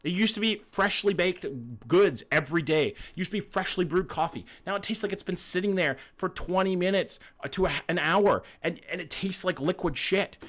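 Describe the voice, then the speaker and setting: A man's voice: high voice, moderate pace, few pauses, a bit bright. A young Canadian man with a Canadian accent, streaming and chatting casually, blunt and swearing freely while answering his chat.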